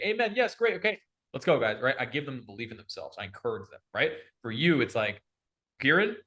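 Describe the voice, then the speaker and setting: A young man coaching on sales in an energetic, slangy casual chat, calling the listener bro. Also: medium pitch.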